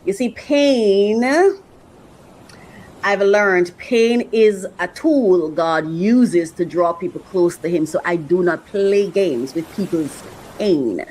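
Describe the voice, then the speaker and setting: A woman's voice: on the low side, slow, a little mellow, a little hiss or hum, low-quality recording. Earnest woman host reflecting aloud. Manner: earnest, repeats phrases for emphasis. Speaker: host reacting to clips. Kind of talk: reflective faith-based monologue.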